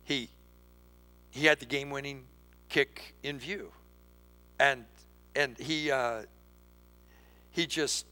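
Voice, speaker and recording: Male pastor, lively church preaching, bright forceful tone. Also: mid-range voice, low-quality recording. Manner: animated preaching with rhetorical questions. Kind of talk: sermon. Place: church sanctuary.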